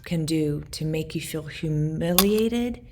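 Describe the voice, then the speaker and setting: A woman in her forties speaking in a personal video journal, earnest and reflective, in short halting phrases. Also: low voice, noisy background. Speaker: vlogger recounting her past.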